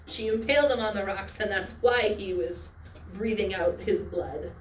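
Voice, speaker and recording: A woman teaching a Latin class on literary devices, often checking in with her students and adding quick asides. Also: medium pitch, fairly bright tone, a little hiss or hum. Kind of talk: classroom lecture. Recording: echoey classroom from far off.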